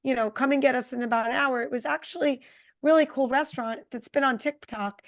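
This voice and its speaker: A middle-aged woman co-hosting a podcast, chatting casually and telling a long, animated travel story. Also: sits high, brisk. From Connecticut. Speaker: podcast co-host. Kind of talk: casual chat.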